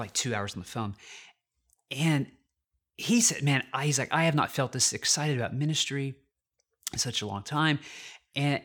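A man's voice: mid-range voice, a bit bright. A male pastor preaching from his own experience. He speaks in an open, confessional way, often stopping and restarting his sentences as he thinks aloud. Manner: personal, confessional storytelling with many restarts. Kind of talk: sermon.

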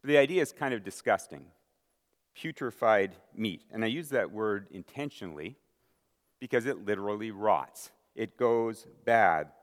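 A man preaching a sermon as pastor, emphatic, building to loud stressed lines with dramatic pauses. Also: lowish voice, animated. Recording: long hall reverb.

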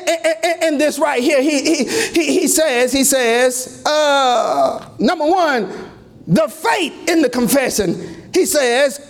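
A man preaching a fervent sermon in a church, shouting and chanting with rising cries. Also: very high voice, a little slow, a crowd in the background.

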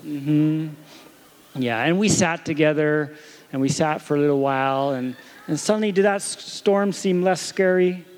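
A man in his thirties gives a sermon in a gentle storytelling way, pausing to ask his little daughter questions. His voice sits high for a man, and he keeps the tone warm and personal. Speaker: pastor.

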